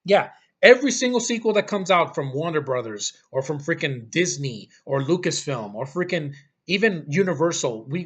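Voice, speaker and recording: A man's voice: a little high, a bit bright. A man ranting about a movie in a casual, blunt, exasperated way, swearing often and rambling through restarts. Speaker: movie reviewer.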